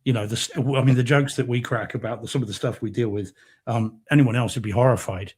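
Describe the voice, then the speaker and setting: A male podcast co-host with a husky edge to his voice. He talks in an easygoing, friendly way, greeting listeners one by one in a casual live chat. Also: mid-range voice, quick pace, a little mellow.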